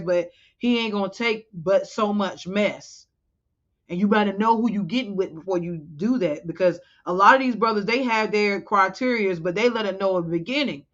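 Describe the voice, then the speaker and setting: Woman giving a casual sermon, slightly muffled. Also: medium pitch. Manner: casual, conversational, pausing to check scripture. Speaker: women's teacher in a religious congregation. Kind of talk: informal sermon to women.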